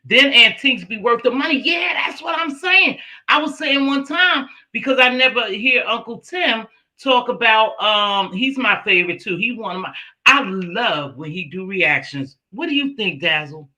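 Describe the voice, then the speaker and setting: A woman hosting a casual livestream chat, animated and laughing, bursting into shouts when excited. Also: on the high side, normal speed, low-quality recording. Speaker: livestream host.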